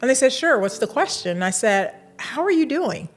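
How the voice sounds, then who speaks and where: Animated woman telling a story. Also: high-pitched, brisk. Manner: animated storyteller acting out dialogue, laughing. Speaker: university administrator, interview guest. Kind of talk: storytelling interview.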